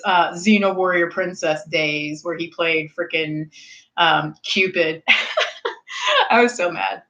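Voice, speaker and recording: A woman's voice: lowish voice, a little slow, dull audio. Tipsy, rambling woman chatting with viewers. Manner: rambling, tangent-prone, animated. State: slightly tipsy. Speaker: streamer hosting a snack review. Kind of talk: casual chat with viewers.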